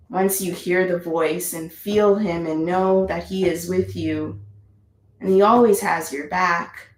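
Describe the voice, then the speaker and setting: Chatty woman teaching yoga, echoey room. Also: on the low side. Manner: encouraging, chatty, repeats cues. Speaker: yoga instructor. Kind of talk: live yoga class instruction.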